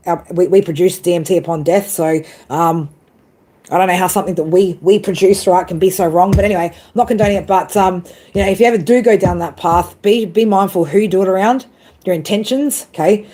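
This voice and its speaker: A woman chatting casually on a live stream, telling a story with lots of swearing and lively asides. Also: mid-range voice. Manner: swears a lot, animated storytelling. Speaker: tarot reader.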